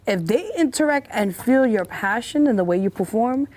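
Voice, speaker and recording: A woman's voice: a little high, expressive, normal speed, darkish tone. Woman talk show host, encouraging, affirming, studio interview. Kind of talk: interview hosting.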